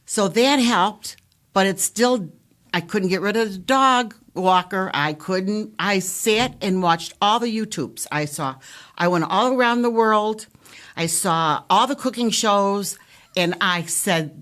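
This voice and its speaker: Older woman, patient guest, lower voice, animated storyteller who acts out quotes. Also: a little slow. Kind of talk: telling her own health story.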